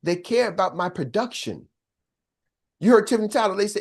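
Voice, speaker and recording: A man's voice: sits high, lively intonation, fairly quick, gravelly, pauses often. Emphatic older male business coach. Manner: emphatic, preacher-like, checks in with the audience. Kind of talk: motivational coaching talk.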